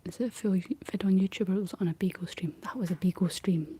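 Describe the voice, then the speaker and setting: A Scottish woman whispering softly in a rambling ASMR chat, answering her livestream viewers. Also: mid-range voice, quick pace, breathy edge. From Scotland.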